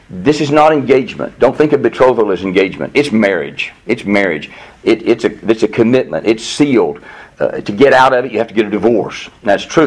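A man's voice: fairly low pitch, rough recording. A man preaching a sermon as pastor, earnest and explanatory, often restarting his sentences.

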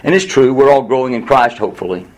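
A man at mid pitch leads a Bible class. He reads a verse, then talks it through with the group in an easy, conversational manner. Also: fast, poor audio. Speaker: pastor teaching a Bible study. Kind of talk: expository Bible teaching.

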